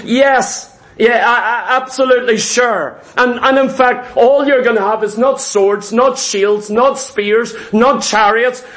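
A man's voice: very high-pitched, unhurried, few pauses, a bit bright. A man voicing God, speaking in a plain, reassuring, matter-of-fact way. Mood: assured.

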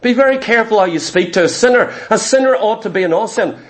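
A man preaching a sermon with forceful, emphatic delivery and repeated phrases. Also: high voice, expressive, fast talker.

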